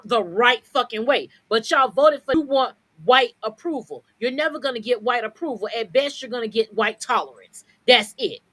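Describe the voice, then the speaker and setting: Woman w/ aave going off on a podcast, high voice, cussing nonstop, dry close mic. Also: fairly bright tone, no echo, rough recording. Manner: profane, blunt, confrontational. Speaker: podcast co-host. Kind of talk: heated podcast rant.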